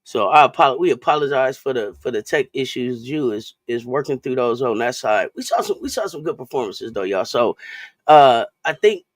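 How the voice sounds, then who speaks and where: Mujer charlando suelta en directo, voz seca. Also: female voice, very deep voice, animated, moderate pace, dry recording. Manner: loose and chatty, repeats and restarts phrases, greets viewers in chat. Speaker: sports talk live-stream host. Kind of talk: casual live-stream chat.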